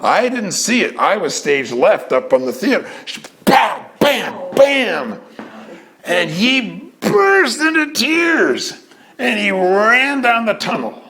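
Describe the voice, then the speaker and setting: A man telling a theater anecdote in a lively way, acting out what people said and stalling with fillers as he hunts for names. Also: high voice, slow, slight background noise. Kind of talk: anecdotal storytelling.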